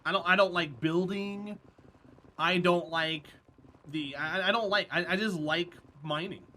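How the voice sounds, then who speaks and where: A male streamer talks casually with his live chat while he plays, laughing often and calling out viewers by name. His voice sits high and sounds bright and sharp, loose and easygoing. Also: unhurried, a little hiss or hum. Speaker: streamer, host.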